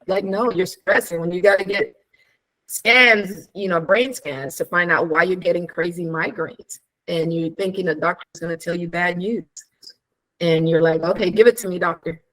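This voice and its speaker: A woman in casual chat, telling stories with animated energy, acting out quoted dialogue, laughing often and asking rhetorical questions. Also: on the low side, normal speed, poor audio.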